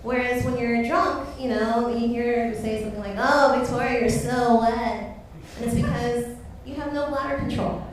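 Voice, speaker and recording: A woman with a slightly high voice hosts a stand-up show, giggling and bawdy as she warms up the crowd. The sound is roomy and echoing, picked up from some distance, with noise in the background. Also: fairly even intonation, brisk, hardly any pauses. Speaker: comedy show host. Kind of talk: stand-up hosting. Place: comedy club stage.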